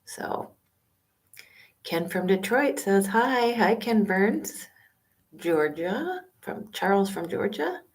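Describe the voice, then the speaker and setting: A woman in her fifties chatting casually with viewers on a live stream, speaking in a hushed, half-whispered voice with many fillers, from a small library study room on a laptop microphone. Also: medium pitch, big pitch swings, takes it slowly. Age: 50s. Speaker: van-life vlogger hosting a live stream. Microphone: laptop webcam and built-in mic.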